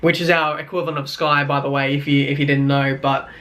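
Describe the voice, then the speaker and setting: A man's voice: medium pitch, little pitch movement, brisk, a bit bright. A young Australian man with an Australian accent ranting casually in a vlog, rambling with many fillers and wry complaints. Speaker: YouTuber.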